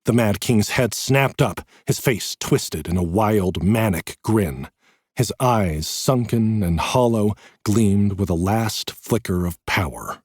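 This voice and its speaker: Husky man narrating a fantasy audiobook. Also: fairly low pitch, a little slow, dry recording, clean studio sound. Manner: dramatic, expressive storytelling.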